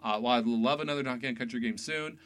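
A man hosting a casual podcast chat about video games, excitable and full of fillers. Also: mid-range voice, racing, clean tone. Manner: chatty, excitable, many fillers. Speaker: podcast host.

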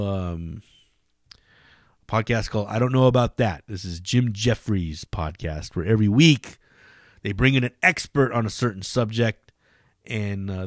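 Bright-voiced, profane podcast host. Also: male voice, mid-range voice, no echo, studio quality. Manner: profane, excitable, rambling. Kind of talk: casual solo podcast monologue.

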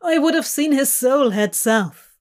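A sardonic male demon who whines and grumbles, loud and a bit higher than the narration, as a woman reader puts him on. He sounds offhand and irritable. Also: expressive, a little slow.

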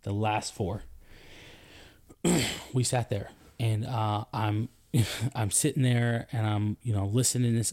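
A man, a soldier and podcast co-host, telling a story in casual chat, his voice climbing high when he gets indignant. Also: moderate pace. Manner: animated storytelling, rising pitch when indignant.

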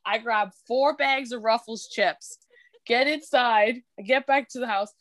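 A young woman from Canada in casual podcast chat, telling an animated story, cursing freely and laughing as she goes. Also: on the high side, unhurried, no room sound.

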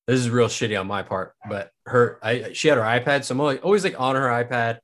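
A man's voice: medium pitch, quick pace, a bit bright, a little hiss or hum. A young man from Kansas, a podcast guest, telling a personal story in a casual, rambling way, full of filler words and swearing.

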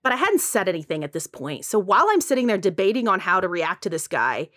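A woman co-hosting a podcast, telling a story in casual chat with lots of "like", sighs and lively asides. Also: mid-range voice, quick pace, dry recording, clean studio sound. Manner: animated, full of "like" and sighs, acts out quotes.

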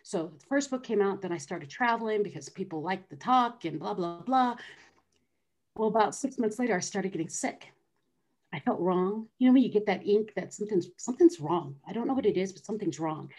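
A woman's voice: medium pitch, animated, fairly quick, darkish tone. A middle-aged woman earnestly telling her personal story as an interview guest. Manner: earnest, acts out quoted voices.

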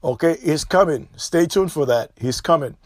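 A man preaches on his podcast in a high, raised voice. He hammers each point with emphatic repetition. The sound is dry and close, with no room around it. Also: expressive, moderate pace, no room sound. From Haiti. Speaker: podcast host.

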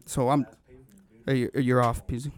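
On a podcast, a man tells a long story in casual conversation, animated and packed with slang and swearing. His voice is medium-pitched and moderately paced.

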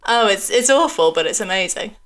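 A woman's voice: mid-range voice, animated, a little fast, heavy background noise. A woman, an actress, chatting casually, wry and telling stories with laughter. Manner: wry storyteller, laughs a lot. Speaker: actor guest. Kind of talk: casual chat.

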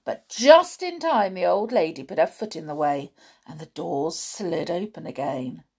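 Expressive woman reading a children's story. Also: on the low side, unhurried, gravelly, husky. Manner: expressive, dramatic. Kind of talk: reading a children's book aloud.

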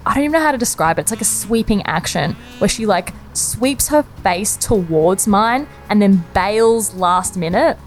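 A woman's voice: medium pitch, slight background noise. Chatty young woman storyteller. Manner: conversational, chatty, laughs often, many fillers. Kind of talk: personal anecdote storytelling.

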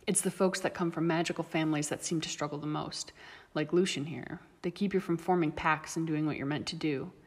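A woman's voice: deep voice, fairly even intonation, breathy edge. A woman voicing a blunt werewolf pack leader. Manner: blunt, measured. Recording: long reverb.

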